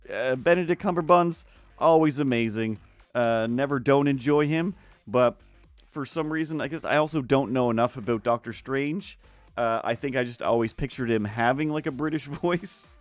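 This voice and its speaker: A man's voice: medium pitch, normal speed, no room sound, faint music behind. A man chatting casually while he draws on a livestream. He rambles with lots of restarts and keeps slipping into silly voices. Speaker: art streamer. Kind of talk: casual chat while drawing.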